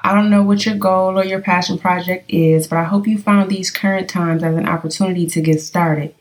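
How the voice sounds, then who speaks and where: A woman's voice: lowish voice, steady tone, fairly quick. A woman from California hosting a casual podcast, talking straight to her listeners as she tells stories. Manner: chatty storyteller addressing listeners directly. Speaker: podcast host.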